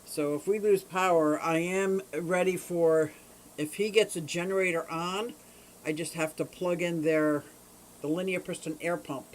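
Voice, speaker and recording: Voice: mid-range voice, steady tone, measured pace, slight background noise, rough recording. A host of a fishkeeping livestream from Pennsylvania chats casually and rambles from home beside the fish tanks. The host greets viewers by name and talks into a camera mic. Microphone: camera mic on a short cable.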